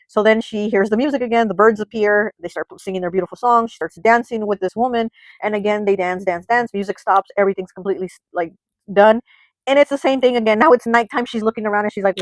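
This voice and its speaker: A woman's voice: medium pitch, fairly even intonation, quick pace, no room sound, rough recording. A woman reading tarot cards in a casual way and retelling a story loosely, with many fillers. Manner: chatty, loose retelling full of "like" and "you know". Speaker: tarot reader.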